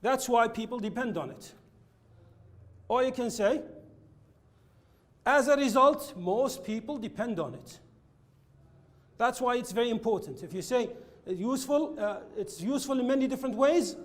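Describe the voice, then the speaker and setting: High-voiced man teaching English. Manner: explains slowly, repeats examples, switches to Arabic glosses. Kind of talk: classroom lesson with slides.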